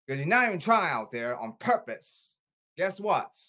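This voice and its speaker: A man's voice: a little high, sing-song, normal speed, sharp tone. A man delivering an angry, repetitive rant, scolding and demanding, often stumbling over his words.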